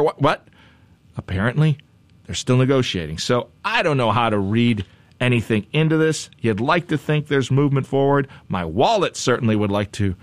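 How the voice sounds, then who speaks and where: A man's voice: medium pitch, a bit bright, dry recording. A man hosting news talk, giving conversational commentary with wry, chatty asides and repeated phrases.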